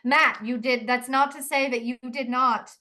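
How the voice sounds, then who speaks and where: A woman's voice: high voice, steady tone, moderate pace, sharp tone. A woman playing an accent coach in an improvised comedy chat, rambling and mock-serious.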